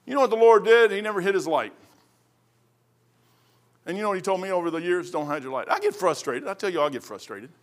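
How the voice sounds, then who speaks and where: A high-pitched man preaches with fervor. He shouts his big points and drops low for his quieter asides. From Kentucky. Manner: fervent, swings between shouting and hushed asides. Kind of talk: impassioned preaching.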